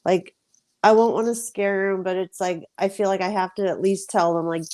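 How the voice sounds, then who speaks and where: A woman with a mellow, warm tone chats as a co-host, speaking at a middle pitch. Her talk is loose and full of fillers. The recording is close and dry. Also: steady tone, normal speed, dry recording. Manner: chatty, lots of "like" and "you know". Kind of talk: casual chat.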